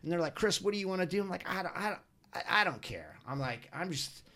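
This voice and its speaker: A middle-aged man spins a rowdy story on a podcast. His voice sits a bit high for a man, and he keeps throwing in "like" and "you know". He bursts into loud acted-out quotes. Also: quick pace. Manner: excited, acts out quotes loudly, frequent "like" and "you know". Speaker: podcast guest. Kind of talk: animated storytelling.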